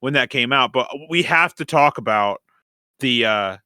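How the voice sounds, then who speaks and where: A man's voice: mid-range voice, animated, normal speed, bright, forceful tone, clean tone, dry recording. A man co-hosting a podcast in casual chat, laughing often and swearing casually. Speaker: podcast co-host.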